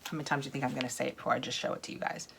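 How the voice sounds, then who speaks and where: Low-voiced chatty woman vlogger. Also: level tone, rapid-fire, creaky, a bit bright, a little hiss or hum. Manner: chatty, gushing, laughs often, drops to whispers while sniffing. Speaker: unboxing vlogger. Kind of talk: casual unboxing chat.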